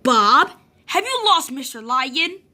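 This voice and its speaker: A kind, patient father bear from a picture book, gently explaining things to his cubs, as a woman reading aloud puts him on. He speaks slowly and clearly, in a voice that stays high and bright. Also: big pitch swings, exaggerated voice. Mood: gentle.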